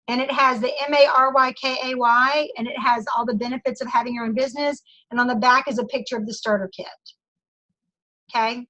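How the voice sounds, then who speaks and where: A high-pitched middle-aged woman leads a sales training talk over a video call. She is chatty and emphatic, and she acts out customer conversations as she coaches. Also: pushed and bright. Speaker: sales director training her team.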